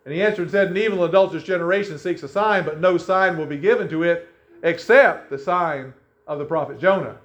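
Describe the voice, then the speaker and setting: A man's voice: a little high, fast talker. A man preaching a sermon in a conversational way, often restarting his sentences. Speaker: pastor. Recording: echoey room, dull lo-fi sound.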